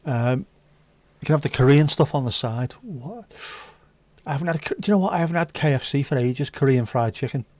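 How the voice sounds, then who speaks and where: Male stream host, mid-pitched, cheeky banter, dry close-mic sound. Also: lively intonation, fairly quick, a little mellow, no echo. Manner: cheeky, banter-heavy, swears freely. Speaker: livestream host serving virtual drinks. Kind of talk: casual chat.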